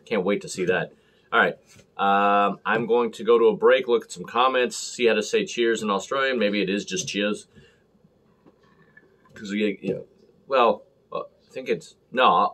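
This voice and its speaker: A man's voice: lowish voice, fairly even intonation, normal speed, a bit bright. A man talking casually and rambling as he reviews a beer on camera, full of fillers and self-deprecating asides.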